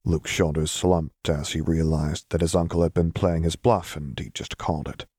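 Deep-voiced male storyteller, calm and measured. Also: husky, no echo, clean studio sound. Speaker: audiobook narrator. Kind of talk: scripted fanfiction narration.

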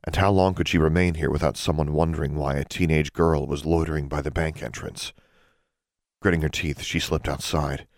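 A man reading a fantasy audiobook in a steady, measured way. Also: very deep voice, no echo, clean studio sound. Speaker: audiobook narrator. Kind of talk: scripted narration.

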